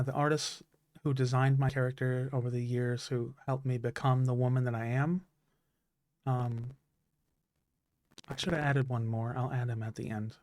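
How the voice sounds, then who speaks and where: On a dry recording, a man streaming live expresses emotional gratitude in a halting speech packed with fillers and restarts. His mid-range, slightly mellow voice turns a little raspy in the throat.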